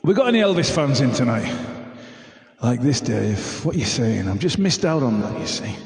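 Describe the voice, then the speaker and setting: He has a medium-pitched, sing-song voice and a moderate pace as he hosts a casual home live stream, singing and reading viewer comments in a chatty way. A laptop and phone capture him, with faint backing music and slight background noise.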